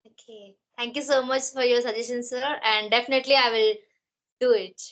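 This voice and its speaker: A woman's voice: on the high side, steady tone, a little fast, a bit bright. A woman, hosting a podcast interview, polite and respectful, with hesitant restarts. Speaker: podcast host.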